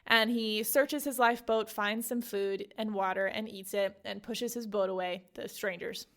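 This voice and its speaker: A young woman hosts a podcast, speaking at a moderate pace in a steady, mid-range voice. She gives a casual book summary, retelling the novel chattily with plenty of fillers like "like."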